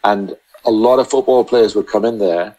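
Low-voiced man telling rambling stories. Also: dark tone, poor audio. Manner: rambling, halting anecdotes full of restarts. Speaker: podcast guest, entrepreneur. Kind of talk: casual storytelling chat.

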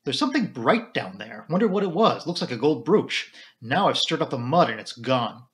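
A man voicing a gruff middle-aged army major who talks in clipped, terse phrases. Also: medium pitch, big pitch swings, moderate pace, a bit bright. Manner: clipped, terse, drops sentence subjects.

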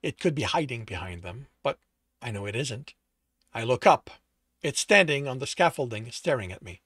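A man reads his own action story aloud in the first person, at a mid pitch. He often trips on a word and rereads it. The sound is dry and close. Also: animated, normal speed, fairly bright tone, breathy edge, no room sound. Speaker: author reading his own novel. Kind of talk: first-person audiobook narration.

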